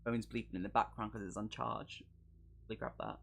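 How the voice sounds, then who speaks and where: A man's voice: fairly low pitch, fairly even intonation, a little fast, creaky, a bit bright, a little hiss or hum. A man streaming a live playthrough, reading a horror gamebook aloud and chatting jokily with his viewers between passages. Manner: chatty, jokey, talks to chat between passages. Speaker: streamer host.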